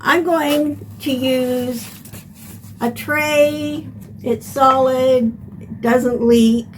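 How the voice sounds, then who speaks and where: An older woman hosting a home gardening lesson, explaining step by step in a plain, unhurried way. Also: sits high, fairly even intonation, a little hiss or hum. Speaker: gardening channel host. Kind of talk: instructional gardening video.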